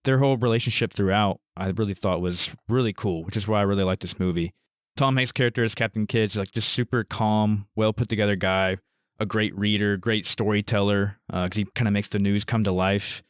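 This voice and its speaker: A man's voice: fairly low pitch, steady tone, a little fast, smooth, no echo, clean studio sound. A man co-hosting a movie podcast, easygoing and a bit hesitant as he sums up a plot. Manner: easygoing, hesitant with fillers while summarizing. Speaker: podcast co-host. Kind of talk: casual movie discussion.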